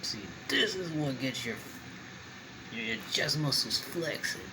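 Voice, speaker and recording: A man's voice: a little high, big pitch swings, background noise. A man eating on camera and chatting casually, talking with his mouth full. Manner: slow eater. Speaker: mukbang vlogger. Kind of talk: casual eating vlog chat.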